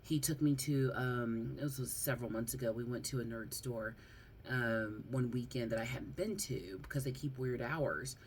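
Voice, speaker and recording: A woman with a Southern accent, talking casually on her vlog about her figure collection, chatty, prone to rants and quick to laugh. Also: very deep voice, a little hiss or hum. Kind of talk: casual chat.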